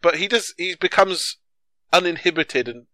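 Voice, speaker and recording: A man's voice: high-pitched, animated, normal speed, pushed and bright, dry recording. A man cohosting a casual film review podcast, rambling and jokey with many restarts. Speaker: podcast co-host.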